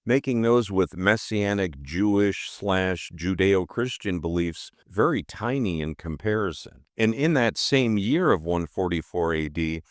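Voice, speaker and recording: A man's voice: low voice, lively intonation, a little slow, few pauses, dry recording, clean studio sound. A man hosting a podcast, delivering scripted narration in an emphatic, rhetorical way. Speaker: podcast host.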